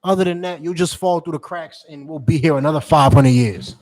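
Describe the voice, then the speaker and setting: A man delivering a forceful sermon to his members, repeating points and asking rhetorical questions. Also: on the high side, fairly quick, dry recording, rough recording. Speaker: teacher addressing members. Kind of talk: street-preacher style sermon.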